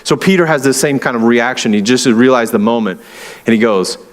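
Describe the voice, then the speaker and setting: A man's voice: mid-range voice, a little fast. A young adult man preaching a sermon in a conversational way, with many fillers and playful acted-out quotes. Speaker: pastor.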